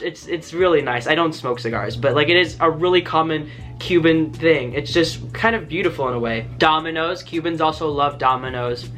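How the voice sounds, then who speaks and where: A man from the United States chats to his camera in an upbeat, rambling vlog, circling back over his words with plenty of fillers. His voice sits a little high and rings bright and forward. Soft music plays faintly underneath. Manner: enthusiastic, rambling, restarts and "like" fillers. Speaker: vlogger. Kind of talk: casual talking-to-camera vlog.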